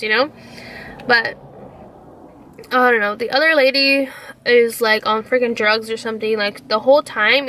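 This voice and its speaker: A young woman vlogging a casual storytime to her followers. Her voice sits a little high and sounds very bright and sharp. She retells the story in an indignant, animated way, full of "like" and swearing. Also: slight background noise.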